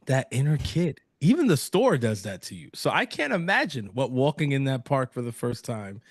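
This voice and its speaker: Male co-host, lively swinging pitch, hype-man banter, dry close mic. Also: moderate pace, dry recording. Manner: hyped banter, laughs and cheers the host on. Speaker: podcast co-host. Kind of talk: casual sports podcast chat.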